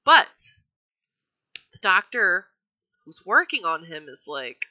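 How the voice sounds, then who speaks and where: A woman's voice: fairly low pitch, sing-song, slow, pushed and bright. A woman hosting a true-crime podcast, telling the story in a chatty, profane way with lots of fillers and self-corrections.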